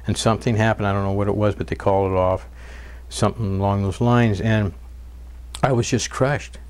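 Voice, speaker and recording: A man's voice: fairly low pitch, steady tone, a little fast, a little mellow, clean tone. A man telling stories in an interview, earnest, with frequent fillers and restarts. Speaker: documentary narrator and interviewee. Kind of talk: interview and narration.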